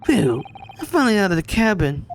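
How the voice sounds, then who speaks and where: A man's voice: sits high, very animated, a little fast, a little hiss or hum, voice pushed up. A man voicing an earnest young male student, lifting his voice a little.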